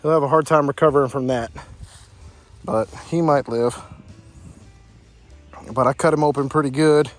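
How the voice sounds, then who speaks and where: A man's voice: mid-range voice, moderate pace, pauses often. A man vlogging while fishing outdoors at a pond, talking casually and exclaiming a lot. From southeastern Virginia, US. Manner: excitable, exclaims repeatedly. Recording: faint music in the background.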